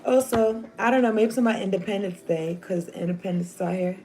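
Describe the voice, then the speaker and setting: A woman's voice: mid-range voice, a little fast. A woman giving a casual, rambling tarot reading to her viewers, chatty and slangy. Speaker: tarot reader. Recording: noisy home recording.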